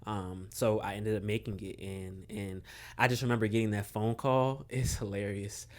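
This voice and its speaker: A young man from Maryland, a guest on a podcast, telling a relaxed story with lots of fillers and chuckles. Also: fairly low pitch, normal speed. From Maryland, USA. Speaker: podcast guest, basketball coach. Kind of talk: casual storytelling interview.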